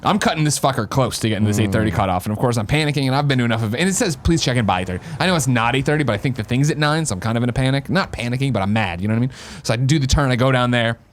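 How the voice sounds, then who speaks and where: Podcast host, male, fast, animated storyteller who swears a lot and does little voices. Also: medium pitch. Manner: animated, swears freely, acts out voices in his stories. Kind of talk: casual storytelling.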